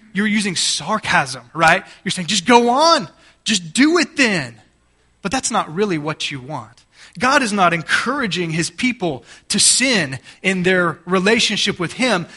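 Bright-voiced male preacher. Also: sits high. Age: adult parent. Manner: expository preaching with plain everyday examples. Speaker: pastor. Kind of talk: sermon.

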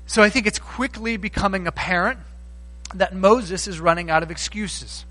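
A man delivers a conversational sermon. His voice sits high and sounds bright and forward. He slips into the voices of the people he quotes. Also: normal speed, poor audio. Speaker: pastor.

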